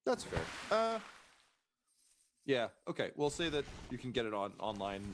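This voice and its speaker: A man's voice: mid-range voice, sing-song, normal speed. Casual male game master, noisy stream. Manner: casual, many fillers, profane. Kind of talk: narrating a tabletop role-playing game.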